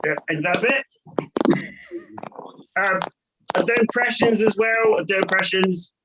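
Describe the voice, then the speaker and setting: A man doing a stand-up comedy set from his own room over a video call, with hesitant one-liners full of ums and pauses. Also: high voice, muffled recording, very noisy.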